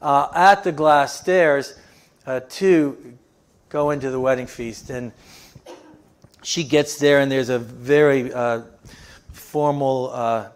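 Gender: man. Role: pastor. Style: sermon. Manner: storytelling, halting fillers, earnest. Pitch: middle. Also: clear, resonant tone. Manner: storytelling with frequent fillers, softening to an earnest appeal.

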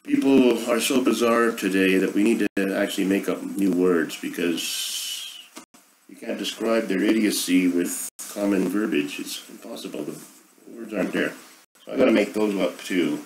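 A man's voice: sits low, normal speed, slight background noise, rough recording. A middle-aged man hosting a casual monologue, rambling and sarcastic as he airs his opinions. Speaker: podcast host.

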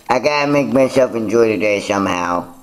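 A man's voice: lowish voice, reverberant, rough recording. A young man talking casually to his vlog audience, rambling and poking fun at himself. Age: young adult. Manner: rambling, self-mocking, laughs at himself. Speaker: vlogger.

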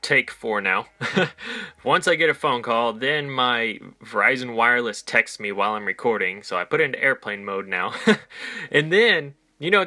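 A man's voice: medium pitch, sharp tone. A man casually narrating his own game as he plays, rambling with frequent ums and little laughs. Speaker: gaming channel host. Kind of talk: casual let's play commentary.

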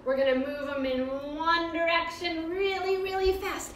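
A woman's voice: very high-pitched, steady tone, moderate pace, hardly any pauses, a bit bright. A woman leading a children's yoga class with a cheerful, sing-song, encouraging way of talking. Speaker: kids' yoga teacher. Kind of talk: guided kids' yoga class. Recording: roomy echo from far off.

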